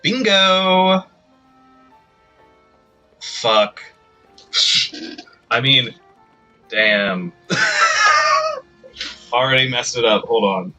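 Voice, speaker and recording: A man's voice: lowish voice, takes it slowly, pauses often, sharp tone, soft background music. A man live-streaming a video game, chatting casually and rambling to himself with self-deprecating remarks.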